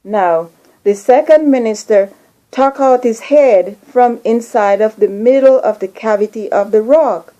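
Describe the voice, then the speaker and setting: A woman host earnestly recounting a dream as a message to her viewers, slow and deliberate. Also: on the high side, warm tone, lo-fi sound. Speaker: video channel host.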